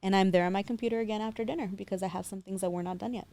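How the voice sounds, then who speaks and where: Woman in her 30s on a podcast, smooth clear voice, confident and upbeat, throws in a little spanish. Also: mid-range voice, fairly even intonation, rapid-fire, mellow. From San Diego. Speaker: guest, loan officer and team leader. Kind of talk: casual interview chat.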